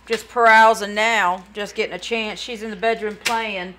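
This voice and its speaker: A woman's voice: medium pitch, fairly even intonation, moderate pace, a bit bright, a little hiss or hum. A woman chatting casually on a live stream, tired and yawning, rambling and talking to chat viewers by name.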